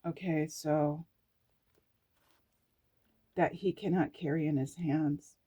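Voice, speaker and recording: Slow low-toned woman reading scripture. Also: steady tone, dark tone, breathy edge. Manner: emotional, exclamatory, reads scripture aloud and reacts. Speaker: spiritual vlogger. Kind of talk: reflective spiritual reading.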